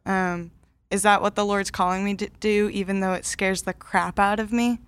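Young woman guest, smooth voice, lively casual storyteller. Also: mid-range voice, normal speed. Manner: animated storyteller, frequent "like" fillers. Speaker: guest speaker. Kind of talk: casual podcast chat.

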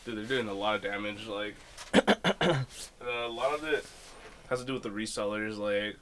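A man's voice: lowish voice, moderate pace, fairly bright tone, slight background noise. A young man co-hosting a podcast, chatting casually and ranting in a loose, grumbling way. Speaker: podcast co-host. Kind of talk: casual chat.

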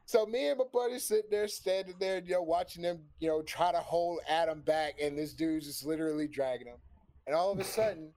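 A brisk, slightly high-voiced man shares a long story in casual chat on a stream. Expect plenty of swearing, lively energy, and frequent laughter.

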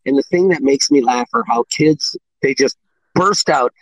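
A man's voice: medium pitch, measured pace, no echo, low-quality recording. A man, a former sports mascot, telling funny stories in casual chat, laughing and acting out quotes. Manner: animated, laughing, acts out quotes.

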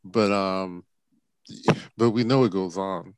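A man with a low voice talks through his thoughts on a film in a casual chat. He is halting and often restarts mid-sentence, and his voice sounds dry and close to the mic. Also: clear, resonant tone, dry recording. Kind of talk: casual movie review chat.

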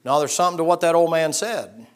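Middle-aged pastor, folksy storyteller, acts out voices, hushed then loud. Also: male voice, fairly high pitch, fast talker. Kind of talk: sermon.

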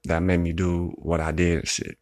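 A man's voice: sits low, level tone, normal speed, darkish tone. A young man venting in a rambling, profane monologue, upset and close to tears, repeating himself often. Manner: rambling, profane, repeats "you know what I'm saying".

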